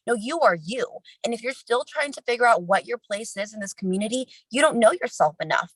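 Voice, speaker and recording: Chatty, energetic woman on a dry livestream mic. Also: on the high side, dry recording, poor audio. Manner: energetic, chatty, quick asides and self-interruptions. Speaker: team leader sharing a conference recap. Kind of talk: casual motivational talk on a livestream.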